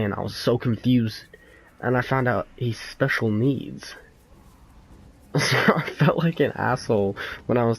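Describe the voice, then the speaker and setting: A man's voice: medium pitch, slight background noise, rough recording. A teenage boy doing casual gameplay commentary, rambling through a story with lots of fillers, restarts and crude slang. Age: teens. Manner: crude slang, laughs often. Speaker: gaming YouTuber.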